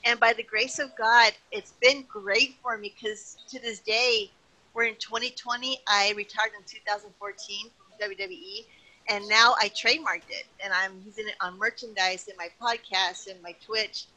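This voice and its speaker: A middle-aged woman, a retired wrestling personality, chatting as a guest in an interview and telling lively anecdotes. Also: medium pitch, normal speed, low-quality recording. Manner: animated, chatty, tells anecdotes with acted-out quotes. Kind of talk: casual interview storytelling.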